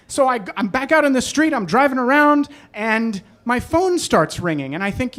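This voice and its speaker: A man telling a personal story live on a club stage. He is animated and self-deprecating, and his pitch swings widely. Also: moderate pace, hardly any pauses. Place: club stage in New York.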